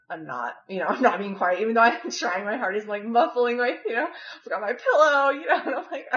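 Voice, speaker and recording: A woman's voice: mid-range voice, a bit bright. A woman telling a personal story in a casual, rambling way, filling her speech with "like" and "you know". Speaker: former volunteer living with a host family. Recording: dull, echoey room recording.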